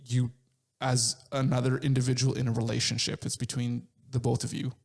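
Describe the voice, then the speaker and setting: A man's voice: medium pitch, completely flat delivery, brisk, vocal fry, darkish tone, husky. A middle-aged man chatting casually as co-host with his wife, blunt and joking, swearing freely. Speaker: co-host, husband. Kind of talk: casual conversation.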